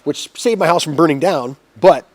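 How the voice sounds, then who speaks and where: A man in his forties telling a long, profane story as a podcast guest, energetic and swearing freely. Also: a little high, normal speed, no echo. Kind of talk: casual storytelling.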